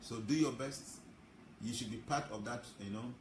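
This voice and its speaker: A man giving a sermon as a spiritual teacher, emphatic, with drawn-out phrases. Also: medium pitch. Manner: emphatic, drawn-out phrasing, chuckles between points. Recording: roomy with faint ambient noise.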